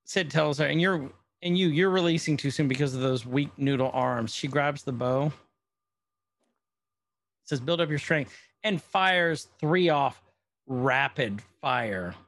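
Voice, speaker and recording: A man's voice: medium pitch, unhurried, creaky, a bit bright, no room sound. A man co-hosting a podcast, casually recapping an episode and joking around. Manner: joking, playful retelling with quoted voices. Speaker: podcast co-host.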